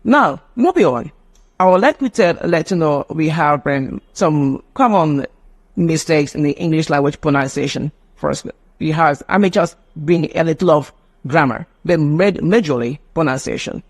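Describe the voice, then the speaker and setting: A man's voice: fairly high pitch, moderate pace. A man teaching a live online phonetics class, often asking rhetorical questions. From Nigeria. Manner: animated, mimics children's voices, asks rhetorical questions.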